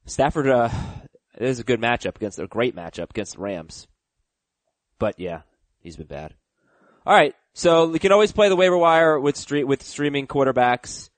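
A man's voice: medium pitch, dry recording. A man hosting a fantasy football podcast, chatting casually, thinking aloud with fillers and joking asides. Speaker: podcast host. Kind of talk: casual sports chat.

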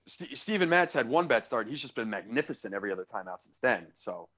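A podcast co-host chats casually about sports and rants with sarcastic asides. His medium-pitched voice is fast, sing-song, and sharp in tone.

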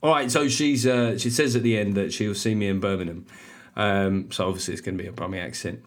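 Loud, self-mocking comedian. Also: male voice, lowish voice, fairly quick. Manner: loud, animated, self-mocking, swears freely. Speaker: podcast host and stand-up comedian. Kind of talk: casual comic monologue.

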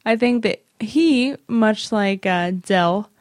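A woman's voice: medium pitch, takes it slowly, dry recording. Woman co-host with dry quips. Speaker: podcast co-host. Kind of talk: casual chat.

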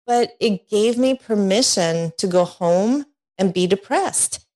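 A middle-aged woman telling her personal story as a guest, lively and laughing often, acting out voices when she quotes people. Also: medium pitch, slow pace. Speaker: guest, divorce coach.

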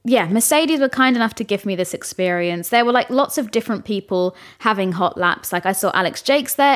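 Casting: young female podcast host, solo, chatty and excitable, laughs mid-sentence. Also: mid-range voice. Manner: chatty, enthusiastic, laughs while talking. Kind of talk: casual solo podcast chat.

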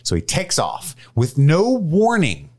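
Man, podcast co-host, lively up-and-down pitch, jokey, casual movie recap, swears a lot. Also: slow. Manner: animated, joking, swears freely.

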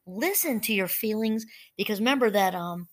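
A woman hosting a solo talk, speaking gently and conversationally, reading quotes aloud now and then. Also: medium pitch, animated, moderate pace. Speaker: podcast host. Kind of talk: reflective solo talk on fear and mindfulness.

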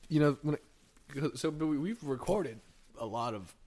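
A man's voice: a little high, lively intonation, normal speed, darkish tone. A young man co-hosting a casual podcast, rambling and teasing his friend in a joking way. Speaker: podcast co-host. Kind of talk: casual chat. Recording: faint background noise.

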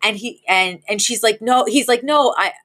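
A woman co-hosting a podcast, casually recapping a sitcom episode and acting out the characters' lines with lively shifts of voice. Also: on the high side, moderate pace. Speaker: podcast co-host.

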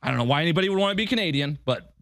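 A man's voice: on the high side, lively intonation, very fast, fairly bright tone, no room sound, studio quality. A man hosting a political podcast, delivering an emphatic commentary monologue full of rhetorical questions. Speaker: podcast host.

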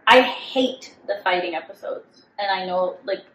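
A young woman co-hosting a podcast, recapping a TV show in casual chat with blunt, quick reactions. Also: medium pitch, a bit bright. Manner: blunt, quick reactions, reads out sign-off plugs. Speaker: podcast co-host. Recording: echoey room with faint noise.

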